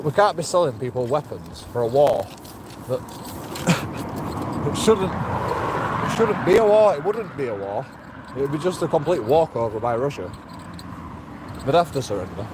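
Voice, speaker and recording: A man rambling profanely to his camera outdoors, laughing to himself now and then, with traffic behind him. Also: mid-range voice. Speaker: street video blogger. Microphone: handheld camera. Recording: street ambience and traffic noise.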